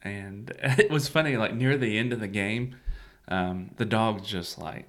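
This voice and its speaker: A man's voice: lowish voice, unhurried, fairly bright tone. A man co-hosting a church podcast, chatting casually and laughing often. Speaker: podcast co-host. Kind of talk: casual chat.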